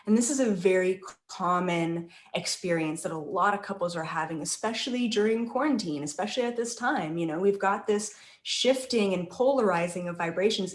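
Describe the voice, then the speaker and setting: A woman guest telling a story in a chatty, conversational way, often checking in with tag questions. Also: on the low side. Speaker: intuitive channeller guest. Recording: roomy echo.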